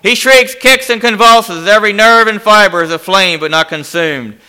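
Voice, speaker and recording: A man's voice: high voice, moderate pace, pushed and bright. A man preaching a dramatic sermon, telling a story with emphatic, rhetorical questions.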